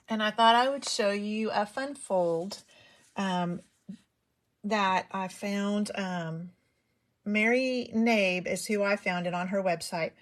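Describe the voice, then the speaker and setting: A woman hosts a casual live craft demonstration, talking in a loose, rambling way full of ums. She is still shaking off a cold and a cough. Her voice sits at an ordinary middle pitch. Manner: chatty, rambling, many ums. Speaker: papercraft demonstrator.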